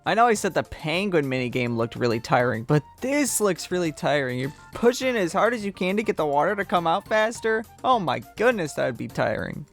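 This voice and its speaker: A young man giving comedic, exaggerated commentary on game minigames. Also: on the high side. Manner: joking, exaggerated, briefly puts on a southern drawl. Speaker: gaming video host. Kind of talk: comedic commentary over gameplay. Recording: music bed behind voice. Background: faint background music.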